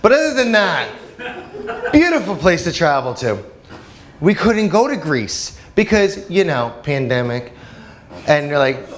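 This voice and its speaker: A man from New Jersey performing a stand-up comedy set in a comedy club, animated and breaking into shouted, high-pitched quotes. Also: a little slow, pauses often, slight background noise. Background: audience laughter.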